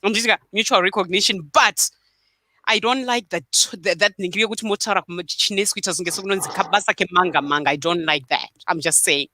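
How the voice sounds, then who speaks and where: A woman's voice: on the low side, fast talker, pushed and bright, no room sound. A woman with a Zimbabwean accent, a nurse hosting an online group chat, speaking emphatically and repeating points for stress. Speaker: nurse and discussion host. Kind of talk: casual group discussion, mixing English and Shona.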